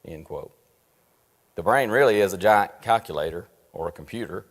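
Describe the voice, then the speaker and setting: A man's voice: lowish voice, very animated. Earnest man teaching a church Bible study. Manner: earnest, asks rhetorical questions, slows down to stress points. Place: church meeting room. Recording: long reverb in a church room.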